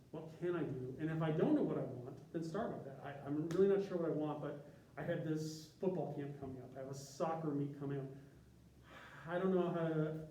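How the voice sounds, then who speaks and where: A man gives a casual presentation, drifting through tangents and restarting his sentences. His voice sits a little high and has a mellow tone. It is recorded from a distance in a roomy, echoey space. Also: a little hiss or hum. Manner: conversational, rambling with tangents and restarts. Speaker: university graphic designer giving a presentation. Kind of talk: informal presentation to a group. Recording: echoey room from a distance, faint ambience.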